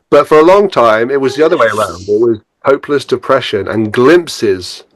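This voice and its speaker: A man's voice: mid-range voice, lively intonation, normal speed. A man guesting on a podcast as a spiritual teacher, talking casually and reflectively, laughing often and acting out his own inner thoughts.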